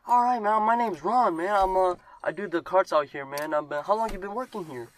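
A man voicing a loud older male cart worker who still lives with his mom, yelling in a high, strained voice. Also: a little fast, lightly acted. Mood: chummy.

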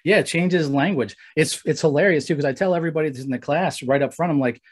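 A man's voice: fairly high pitch, fast, few pauses. A man in his forties, a guest trainer telling stories in a casual podcast conversation. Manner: storytelling, animated when acting out quotes.

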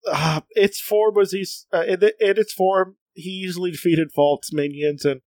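A man's voice: sits high, fairly even intonation, normal speed, darkish tone, dry recording. A man co-hosting a casual comics podcast. He reads passages aloud, laughs a lot and often restarts his sentences. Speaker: podcast co-host.

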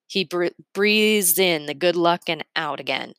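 A woman's voice: lowish voice, unhurried, fairly bright tone, no echo. A woman reading a novel aloud in first person, lifting her voice for the characters' lines. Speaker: reader.

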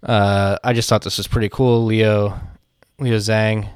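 A man from Philadelphia co-hosting a podcast, talking through the news in a relaxed, rambling way and swearing casually over a remote call. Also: fairly low pitch, unhurried, clear, resonant tone, no echo, studio quality. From Philadelphia, USA. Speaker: podcast co-host.

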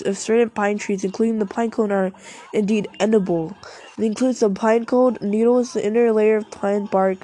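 A woman's voice: mid-range voice, mellow. A young woman rambling casually to herself, swearing a lot, making self-mocking asides, and short of breath.

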